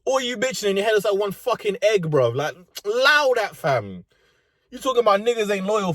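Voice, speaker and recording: A young man with a London accent, his slightly high voice leaping up and down as he rants. He talks in profane street slang, working a comedic bit from inside a car. The sound is dry and close, with no room around it. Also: sing-song, moderate pace, a bit bright, dry recording. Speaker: vlogger. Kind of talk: comedic rant.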